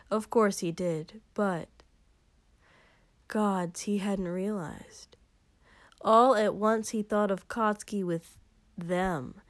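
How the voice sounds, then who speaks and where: A woman reading fan fiction aloud in a slow, unhurried way. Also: mid-range voice, no room sound. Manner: slow, even, unhurried narration. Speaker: reader.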